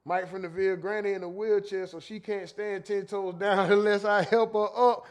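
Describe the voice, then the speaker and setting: Animated high-voiced man reading chat. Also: normal speed. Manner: animated, laughing, reads chat comments aloud in a joking tone. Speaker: livestream host reading chat. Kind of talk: casual livestream commentary.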